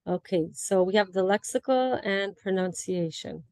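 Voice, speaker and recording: A woman's voice: medium pitch, normal speed, a little mellow, no room sound. A woman giving a class presentation over a video call, explaining word meanings and examples and laughing now and then. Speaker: student presenter.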